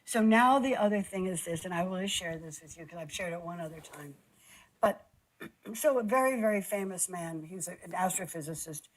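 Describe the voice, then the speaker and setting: A woman telling a personal story in a halting way, stumbling and repeating words, close to tears. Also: lowish voice, expressive, poor audio. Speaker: guest recounting an experience.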